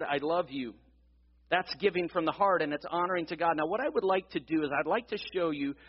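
A man's voice: on the high side, breathy edge, in a large hall, highs cut off. A man preaching a sermon in a church, reading scripture aloud and then teaching earnestly, repeating key phrases for emphasis. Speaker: pastor. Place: church sanctuary.

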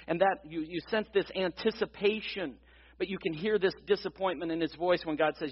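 A pastor with a somewhat high, husky voice delivers an earnest sermon in a church, repeating his main points for emphasis. The recording is dull and lo-fi, its highs rolled off. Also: brisk, big-room sound. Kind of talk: scripture reading and sermon. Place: church sanctuary.

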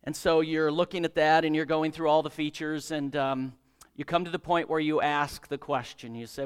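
A male preacher with a fairly high, clear, resonant voice speaks a little fast in a sermon with prayer and storytelling. His manner is conversational, and he acts out the dialogue of his story.

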